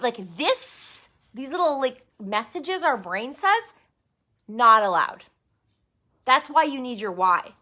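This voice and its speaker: A woman's voice: on the high side, pushed and bright. A woman giving a candid, emphatic motivational talk to her sales team, with fillers and mild swearing. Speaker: direct sales team leader.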